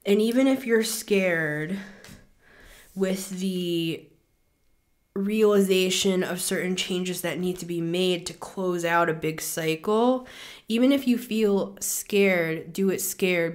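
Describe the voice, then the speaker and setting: A woman's voice: lowish voice, fairly even intonation, takes it slowly. A woman hosting a spiritual reading show, talking earnestly to listeners and repeating words for emphasis, a little out of breath. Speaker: spiritual reader, show host. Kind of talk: intuitive reading monologue.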